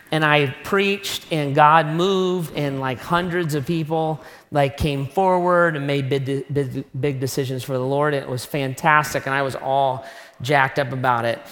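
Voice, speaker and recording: Bright-voiced preacher man in a big echoing hall. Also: a little high. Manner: animated, self-mocking storyteller. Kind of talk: storytelling sermon. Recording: long reverb of a large hall.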